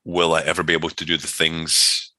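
Give me a very low, bright-toned man rambling through a story as an interview guest. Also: completely flat delivery, fairly quick, no echo. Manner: rambling, many fillers and restarts. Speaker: interview guest, personal trainer.

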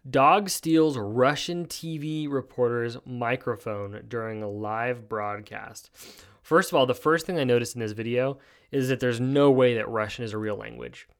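A man's voice: mid-range voice, normal speed. A man hosting his own podcast solo, giving casual, joking commentary on news stories in a laid-back way that is full of "dude.". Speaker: podcast host.

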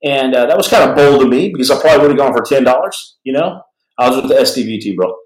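A man telling a story casually on a podcast, wandering through his sentences and doubling back on himself. His voice sits at an ordinary middle pitch. The room around him rings with a noticeable echo. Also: animated, fast. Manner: rambling, conversational, full of restarts.

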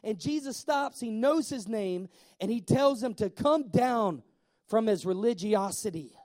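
A man preaching a sermon in a lively way, asking the congregation questions and slowing down to stress key words. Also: high voice. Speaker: pastor.

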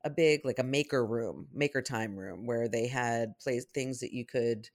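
A parent telling a rambling, animated story in casual podcast chat, often acting out what people said. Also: medium pitch, unhurried. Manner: rambling, animated anecdotes with acted-out quotes.

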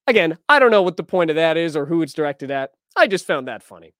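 A man's voice: on the high side, very animated, quick pace, fairly bright tone, no echo, clean studio sound. A man hosting a news podcast, talking casually and wryly as he reads and reacts to headlines and posts. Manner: conversational, wry, reads quotes aloud.

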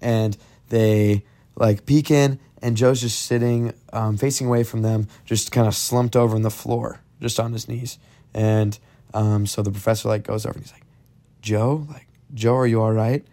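A young podcast storyteller with a warm, fairly low voice tells friends a spooky tale at a moderate pace and a level tone. His delivery is casual and rambling, loaded with "like" and "um."

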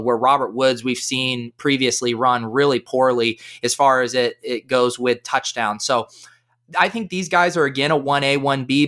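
A man speaking as a guest on a podcast, talking with lots of energy and eagerness in casual chat. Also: a bit bright. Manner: high-energy, eager talker.

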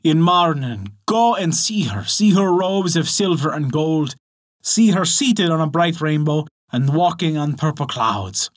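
Give me a man playing a cunning old wizard who coaxes and chants, with a lively, rising and falling pitch. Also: measured pace. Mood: coaxing. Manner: coaxing, incantatory. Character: crafty old male wizard, persuasive.

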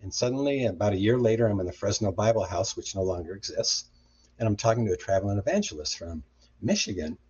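Brief: middle-aged male guest, low husky voice, animated storyteller who acts out the quotes, slightly muffled audio. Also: fast, slight background noise. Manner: animated retelling with acted-out quotes. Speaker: guest, deliverance minister. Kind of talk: storytelling interview.

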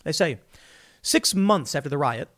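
A man's voice: a little high, lively intonation, moderate pace, a bit bright. A man giving an opinionated, combative commentary monologue with emphatic delivery. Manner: emphatic and combative, with frequent restarts. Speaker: political commentator.

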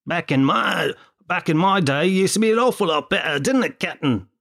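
A man's voice: high-pitched, lively intonation, a little fast, gravelly, fairly bright tone, exaggerated voice. An Irish man putting on an English accent to play a pompous, nostalgic Brexiteer man who claims things were better in his day. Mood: smug.

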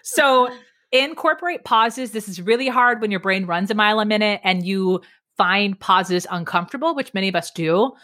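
A middle-aged woman guest on a podcast, explaining speaking tips in an energetic, emphatic way, varying her pace and pitch. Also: moderate pace. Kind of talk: lively podcast interview.

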